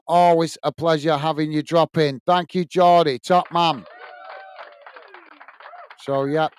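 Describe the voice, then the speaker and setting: A British man hosts a casual livestream, reading out viewer comments and thanking each viewer by name with repeated friendly sign-offs. His voice is fairly high and clear, with lots of ums and uhs. The sound is close and dry, with no room echo. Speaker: livestream host.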